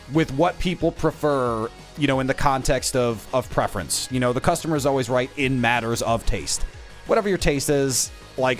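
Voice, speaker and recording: Lively teasing male streamer. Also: mid-range voice. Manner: playful, teasing, mock-insulting banter. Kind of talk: casual live-stream chat with viewers.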